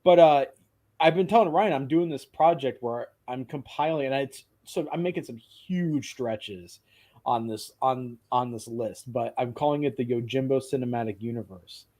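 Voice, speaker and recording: A man's voice: mid-range voice, moderate pace, warm tone. Enthusiastic man in casual chat. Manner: enthusiastic, rambling, swears casually.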